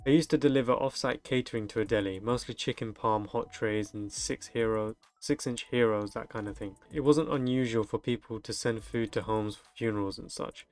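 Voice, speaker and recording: A man's voice: lowish voice, steady tone, normal speed, few pauses, soft background music. A young man reads delivery-driver stories aloud from the internet and breaks in with crude, joking reactions. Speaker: streamer reading online stories. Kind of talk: reading aloud with comedic commentary.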